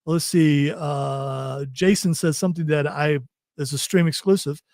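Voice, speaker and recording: A man's voice: fairly high pitch, steady tone, a little slow, gravelly, a little mellow, dry recording, clean studio sound. A man hosting a radio show, casually joking and reading listener texts. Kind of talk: casual on-air banter.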